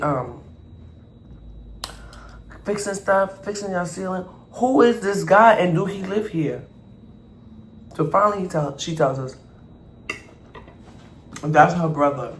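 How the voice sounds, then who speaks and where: A man vlogger telling a storytime over an eating show, animated and acting out the people in his story. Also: high voice, unhurried, pauses often. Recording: echoey room, faint background noise.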